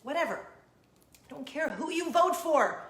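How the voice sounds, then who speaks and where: A woman in her thirties hosting her show, telling a story in an emotional, expressive way and jumping high when she quotes herself. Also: normal speed. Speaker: vlogger, show host. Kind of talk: casual storytelling to camera. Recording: echoey room.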